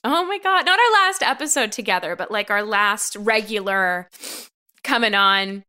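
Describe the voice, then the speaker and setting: A woman co-hosting a podcast in casual chat, rambling and quick to laugh. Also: medium pitch, animated, bright, forceful tone, clean tone. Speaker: podcast co-host.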